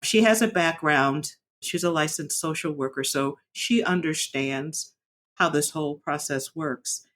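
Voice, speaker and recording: A woman's voice: low-pitched, a bit bright. Earnest woman telling her own story. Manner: reflective and earnest, halting with frequent restarts. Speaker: vlogger sharing a personal story. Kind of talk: candid personal vlog.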